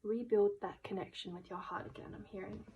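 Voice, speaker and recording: A woman giving a pick-a-card tarot reading, speaking gently and emotionally and at times dropping into a whisper. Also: medium pitch, steady tone, fairly quick, rough recording. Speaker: tarot reader. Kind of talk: soft-spoken tarot reading.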